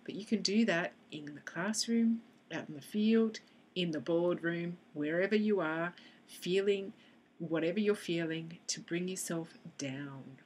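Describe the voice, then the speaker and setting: Woman explaining tapping technique, low-pitched. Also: a little slow, husky. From Australia. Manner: demonstrates dialogue, acting out both sides. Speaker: EFT practitioner. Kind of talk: instructional explanation to camera.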